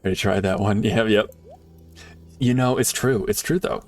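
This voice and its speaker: A man streaming a game live, chatting casually with viewers and swinging from excited shouts to quiet muttering. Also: lowish voice, measured pace, faint music behind. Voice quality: animated, laughs often, jumps between excited shouts and quiet muttering.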